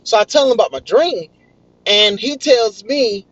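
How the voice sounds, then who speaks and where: A young man, excitedly telling a story in casual vlog style. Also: very high voice, measured pace, no echo. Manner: excitable, animated retelling. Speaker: vlogger. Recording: dull, lo-fi dry recording.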